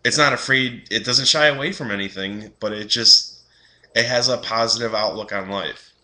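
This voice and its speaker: A man's voice: lowish voice, moderate pace, bright, forceful tone. Rambling young man reviewing a film. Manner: rambling, many fillers and restarts. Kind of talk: casual spoken film review.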